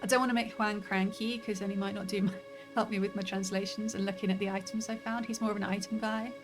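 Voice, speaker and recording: A woman's voice: mid-range voice, little pitch movement, fast talker. A woman streaming a story game, thinking aloud and chatting casually as she plays. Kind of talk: let's play commentary. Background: faint game music.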